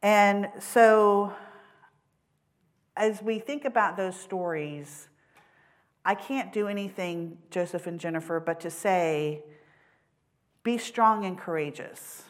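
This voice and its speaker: A woman's voice: mid-range voice, slow pace, long pauses. Woman telling stories at church, earnest, lots of ums and restarts, plain mid voice. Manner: earnest storytelling with many ums and self-corrections. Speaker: church mission supporter. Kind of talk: personal testimony in a church service.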